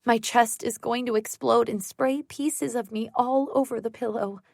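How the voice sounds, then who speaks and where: A woman narrating a first-person psychological thriller audiobook in a tense, measured way. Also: on the high side, fairly even intonation, vocal fry, a little mellow, no echo, clean studio sound.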